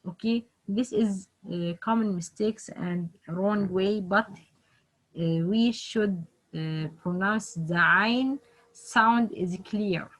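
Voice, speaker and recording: Slow-speaking woman teaching pronunciation. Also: mid-range voice, fairly bright tone, low-quality recording. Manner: hesitant, many fillers, repeats example words. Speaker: Quran tajweed teacher. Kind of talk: online pronunciation lesson.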